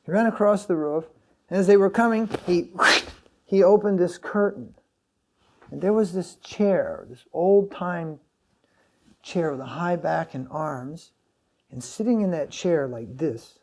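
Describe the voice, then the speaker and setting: A man giving a sermon as a swami, telling a story in a halting way with many fillers and restarts. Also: on the high side, dark tone.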